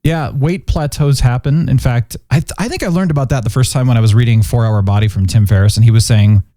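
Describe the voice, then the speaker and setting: A man co-hosting a podcast in casual chat, animated and jokey, quick to laugh. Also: medium pitch, no echo, studio quality. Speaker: podcast co-host.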